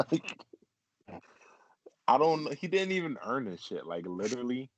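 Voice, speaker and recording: A man's voice: medium pitch, sing-song, measured pace, fairly bright tone, a little hiss or hum. A man co-hosting a casual group chat, rambling, swearing and laughing often. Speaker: podcast co-host.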